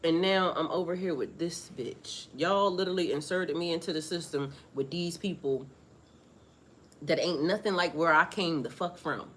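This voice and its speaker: Profane, animated spiritual vlogger woman. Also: on the low side, moderate pace, slight background noise. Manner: profane, animated, laughs often. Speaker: spiritual reader. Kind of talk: casual spiritual monologue.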